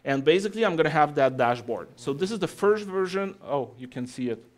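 A man presenting a live software demo to an audience, chatty and joking with the crowd between steps. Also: a little high, expressive, a little fast. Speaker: tech conference speaker. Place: talk in front of an audience.

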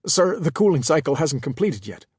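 Man doing a brisk by-the-book female weapons officer. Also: on the high side, big pitch swings, a little mellow, husky, no echo, clean studio sound, voice pushed up, exaggerated voice. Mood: protesting. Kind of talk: audiobook character voice.

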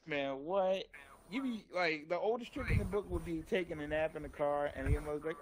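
A man hosting a gaming channel, telling a childhood story to friends in a casual, profane, animated way and laughing along. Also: a little high, fairly quick, a crowd in the background.

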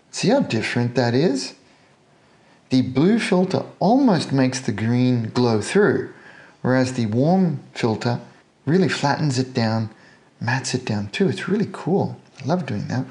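A man's voice: medium pitch, darkish tone. An Australian man talking through a model painting tutorial in a chatty way, with jokey self-deprecating asides. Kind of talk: casual tutorial narration while painting.

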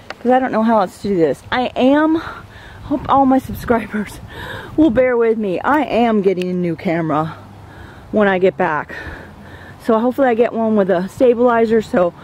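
A woman's voice: on the high side, a little mellow, a little hiss or hum. A woman chatting casually to a handheld camera while walking uphill on an outdoor neighborhood trail, a little out of breath and gushing about the views. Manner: chatty, rambling, easily awed. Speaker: vlogger. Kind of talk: casual walk-and-talk vlog. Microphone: handheld camera, at times turned away.

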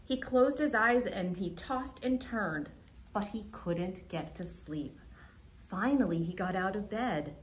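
During a remote storytime, a young children's librarian reads a picture book aloud, animated and expressive. Her voice sits at medium pitch and she reads slowly.

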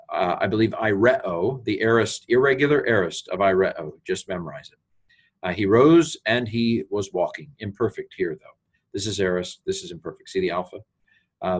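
Brief: lower-voiced male teacher, informal grammar walkthrough, halting delivery. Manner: halting, many fillers, rises on quoted Greek. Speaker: Greek teacher.

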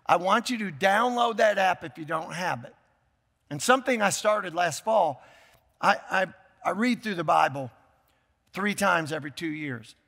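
An older man preaching a sermon as pastor, emphatic, repeating key phrases and breaking into shouts. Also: sits high, lively intonation, normal speed, creaky, big-room sound. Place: church sanctuary.

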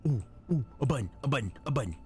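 A young man giving casual gameplay commentary, jumpy and loud, repeating exclamations and slang as he plays. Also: medium pitch, lively intonation, rapid-fire. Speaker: gaming streamer.

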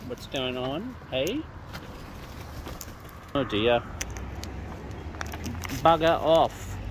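A woman's voice: rumbling low, sing-song, drawn-out words, background noise. An Australian woman outdoors, chatting playfully and affectionately to wild birds she is feeding. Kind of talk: casual chat to birds.

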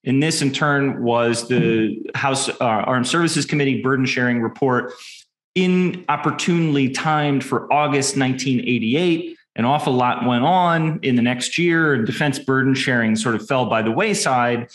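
A man's voice: mid-range voice, normal speed. A man presenting his research paper from slides, talking informally with many ums and dry, wry asides. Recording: echoey room.

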